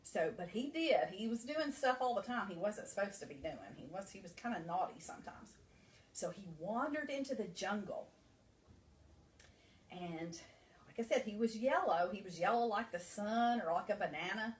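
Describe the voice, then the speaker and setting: A woman nursery school teacher reading a storybook aloud to young children, animated and asking them questions. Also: mid-range voice, normal speed. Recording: echoey room, mic far off.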